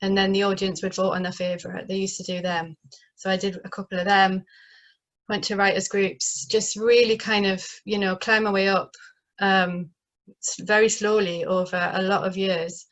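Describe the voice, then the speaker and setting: A woman's voice: medium pitch, little pitch movement, moderate pace. A woman from northeast England with a northeast English accent, a playwright talking casually in an interview, chatty and full of fillers and restarts, heard over a video call. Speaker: playwright guest.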